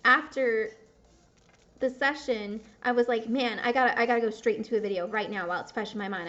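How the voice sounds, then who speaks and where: A woman's voice: on the high side, steady tone, fairly quick, fairly bright tone. A young woman chatting casually and candidly while playing a game, rambling and swearing at the game now and then. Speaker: gaming video creator. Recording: dull lo-fi sound.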